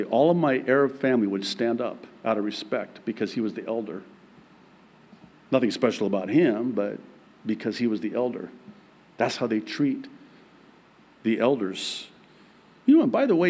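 A pastor in his forties preaching a sermon in a church, emphatic and joking, with big swings in pitch. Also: darkish tone.

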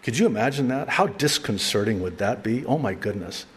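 A middle-aged male pastor giving a conversational, animated sermon with asides and laughter. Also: fairly low pitch, brisk, long reverb tail, slight background noise. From raised by an Arab mother.

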